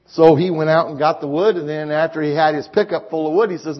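Husky folksy preacher man. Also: fairly high pitch, quick pace, few pauses. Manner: folksy storytelling preacher, emphatic rises. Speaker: pastor. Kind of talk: sermon with personal stories. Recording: slightly dull lo-fi sound.

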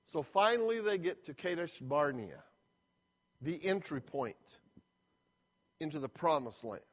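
A man preaching a sermon as a retold story, with dramatic, drawn-out emphasis. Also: a little high, expressive.

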